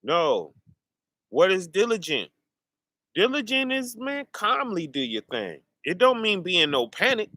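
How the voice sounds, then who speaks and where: Male preacher, slow and deliberate, dry and close-miked. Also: sits high, very animated, bright, forceful tone, no echo. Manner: rhetorical questions, calling out to listeners. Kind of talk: informal preaching monologue.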